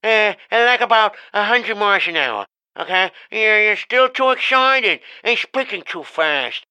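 A man's voice: sits high, lively intonation, a little slow, pushed and bright, clean tone, dry recording, exaggerated voice, poor audio. A man playing a dry, teasing police desk sergeant in a comedy sketch. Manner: dry, teasing, patient but mocking. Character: deadpan, sarcastic male police desk sergeant.

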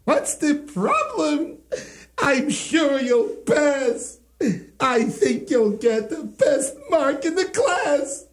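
A man's voice: huge pitch swings, slow pace, darkish tone, echoey room, full character voice. A man voicing a jolly, kindly male yarmulke peddler in a children's rhyming story audio, teasing and laughing as he talks. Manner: laughing, teasing, high and breathy-weepy with mirth. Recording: music playing behind.

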